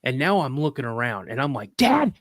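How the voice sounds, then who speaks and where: A man, a podcast guest, telling a story in a casual, animated way with acted quotes. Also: medium pitch, quick pace, no room sound, clean studio sound. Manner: rambling with restarts.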